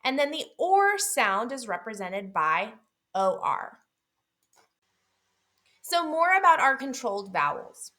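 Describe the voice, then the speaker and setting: A woman teaching a phonics lesson, explaining vowel sounds clearly and deliberately and drawing out single sounds. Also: a little high, big pitch swings, pushed and bright. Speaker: literacy teacher.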